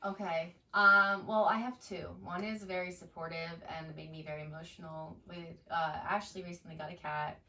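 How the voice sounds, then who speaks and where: A woman's voice: fairly low pitch, moderate pace, hardly any pauses. A woman in her twenties, a teacher and podcast guest, telling classroom stories in casual chat and acting out her students' lines. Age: 20s. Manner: animated storyteller, acts out students' voices. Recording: roomy, a bit far from the mic, faint noise.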